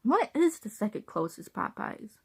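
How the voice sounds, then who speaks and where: A woman's voice: fairly high pitch, big pitch swings, normal speed, a little mellow, breathy edge. A woman talking casually to her viewers, rambling and repeating herself, with bursts of laughter between thoughts. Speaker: vlogger.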